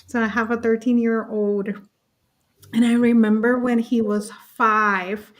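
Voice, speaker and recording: A woman on a video call telling animated personal stories as a summit panelist, acting out the voices in them. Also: on the high side, unhurried. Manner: lively, acts out voices in her stories.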